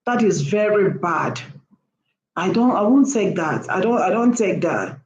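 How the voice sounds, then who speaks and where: A woman speaks casually to her viewers at an ordinary middle pitch. She hammers her points home by repeating them with emphasis. The voice bounces around an echoey room. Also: lively intonation, a little slow, a little mellow, dull audio. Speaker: vlogger. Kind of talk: casual talk to camera.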